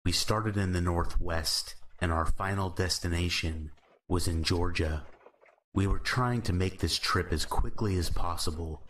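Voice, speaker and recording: A man narrating horror stories in a slow, measured, calm scripted style. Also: deep voice, a little hiss or hum.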